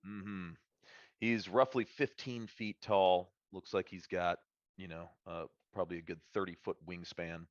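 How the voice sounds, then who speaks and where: A man narrating as dungeon master of a tabletop game on a live stream, halting and full of uh and um fillers. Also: deep voice, steady tone, no room sound, lo-fi sound.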